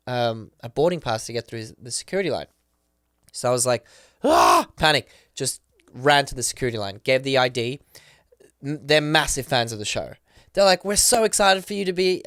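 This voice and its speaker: A man on a podcast as a guest, telling a story casually, excitedly and quickly, with lots of "like" and acted-out quotes. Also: fairly high pitch, clear, resonant tone, no room sound, clean studio sound. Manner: excited, rapid retelling full of "like" and acted quotes. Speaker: podcast guest, professional dancer.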